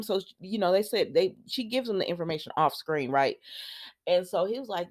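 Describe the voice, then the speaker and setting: Speaking at a medium pitch and a fairly quick pace, a woman hosts a casual soap opera recap vlog. She addresses her viewers directly in a chatty, informal way and tells the story with animation, acting out the characters' quoted lines.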